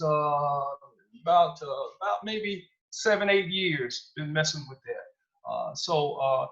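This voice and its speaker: A man presenting at a gardening workshop, talking haltingly with many fillers and polite "yes ma'am"s. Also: a little high, fairly bright tone. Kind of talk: casual explanation. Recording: dull lo-fi audio.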